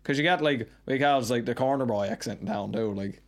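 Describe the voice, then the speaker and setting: A man with a Newfoundland accent, chatting casually as a podcast guest in a quick, rambling way, often tagging "right?" onto his sentences. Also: mid-range voice. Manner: rapid, rambling storyteller with frequent "right?" tags. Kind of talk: casual chat.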